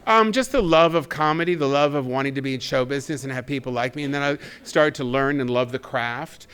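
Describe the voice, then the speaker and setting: A man in his fifties, a guest actor and comedian, telling stories on a talk show in an animated, self-mocking way. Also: mid-range voice, fairly quick. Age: 50s. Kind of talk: casual talk show interview.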